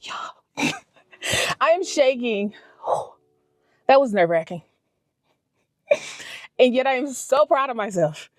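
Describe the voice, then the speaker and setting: A woman's voice: fairly high pitch, animated, slow pace, long pauses, dry recording. A woman, talking to herself on a casual, emotional solo travel vlog from her car. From Louisiana, US. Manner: chatty, emotional, talks to herself. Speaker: vlogger. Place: in a car and a restaurant.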